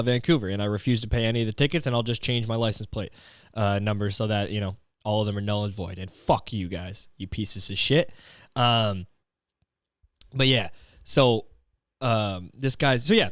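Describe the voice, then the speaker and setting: A man's voice: on the low side, dry recording, studio quality. A man hosting a comedy podcast, rambling through a story with lots of swearing, fillers and restarts. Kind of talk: casual comedic monologue.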